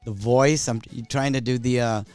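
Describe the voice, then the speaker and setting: Halting male guest searching for words. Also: medium pitch, fairly even intonation, darkish tone, clear, resonant tone, soft background music. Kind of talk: casual chat.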